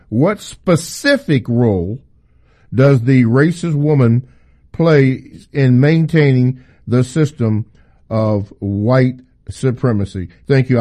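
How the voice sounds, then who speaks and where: A male radio host reading a listener's email aloud in a measured, plain way. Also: mid-range voice, mellow.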